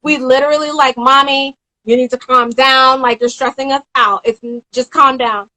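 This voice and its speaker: This is a high-voiced young woman in her twenties, telling a story as an interview guest in a relaxed live-stream chat by phone or video call. She's animated, jumping in to impersonate the people she mentions, and the recording quality is low.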